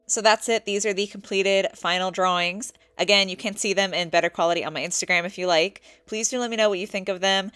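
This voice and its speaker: A young woman narrating her own drawing process in a soft-spoken, candid voice-over. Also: mid-range voice, steady tone, fast talker, few pauses, clean tone. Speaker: artist vlogger.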